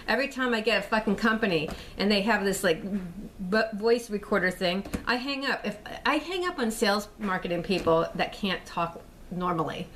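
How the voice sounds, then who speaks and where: A woman vents in an angry, swearing monologue that wanders from point to point. Her voice sits at an ordinary middle pitch. There is a faint hiss of room noise behind her. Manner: angry, profane, rambling rant. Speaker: vlogger. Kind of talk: ranting vlog monologue.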